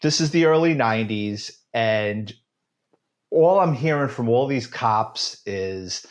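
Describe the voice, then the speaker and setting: A man's voice: mid-range voice, slow. A man in his fifties with a New York accent, a retired police detective telling stories in a casual interview with a sarcastic edge. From United States. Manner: sarcastic, animated storyteller.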